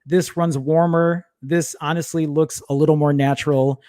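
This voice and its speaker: This is a man hosting a casual tech livestream, his voice sitting slightly higher than most men's. He rambles and stumbles over his words, breaks off to mutter or swear quietly under his breath, and keeps asking his viewers to bear with him. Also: fairly even intonation, normal speed. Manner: rambling, self-interrupting, apologetic while fumbling with files. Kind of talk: casual live-stream chat.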